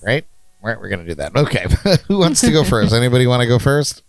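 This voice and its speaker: A man's voice: mid-range voice, very animated, fast, gravelly, music in the background, crowd noise, rough recording. A man hosting a casual podcast, joking and laughing at himself as he talks. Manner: jokey, laughs often, self-deprecating. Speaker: podcast host. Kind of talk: casual chat.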